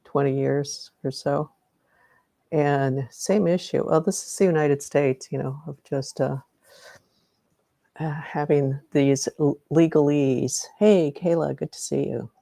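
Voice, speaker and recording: Low, gravelly woman guiding a meditation. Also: steady tone, slow, dark tone, no room sound. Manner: rambling, self-correcting, greets viewers by name. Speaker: energy healing meditation host. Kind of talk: live-streamed guided meditation and chat.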